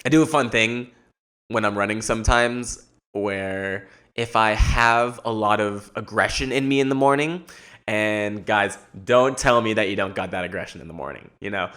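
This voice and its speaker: A man's voice: on the low side, normal speed, sharp tone. A man hosting his own podcast, chatting casually on his own in a rambling, jokey way with lots of restarts and repeated words. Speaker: podcast host. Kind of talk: casual solo podcast chat.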